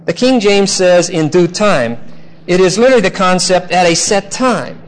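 A man teaching a Bible passage verse by verse, measured and emphatic, explaining Greek grammar. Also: sits high, lively intonation, rough recording. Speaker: preacher.

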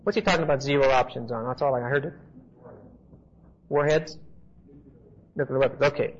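A man's voice: medium pitch, normal speed. A man teaching the Bible to a class in a conversational, emphatic way, often checking in with his listeners. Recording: dull lo-fi recording with faint hiss.

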